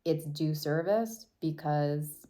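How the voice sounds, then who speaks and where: A woman talks through a tarot reading to her viewers in a soft, thoughtful way. Her voice is low and mellow, and she takes her time, trailing off and starting over as she goes. It sounds like casual, unhurried talk. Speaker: tarot reader.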